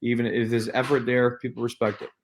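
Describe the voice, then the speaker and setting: A man's voice: medium pitch, level tone, brisk, a little hiss or hum. A man who is a guest on a casual podcast, talking brashly and bluntly with lots of swearing. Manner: brash and profane, blunt advice.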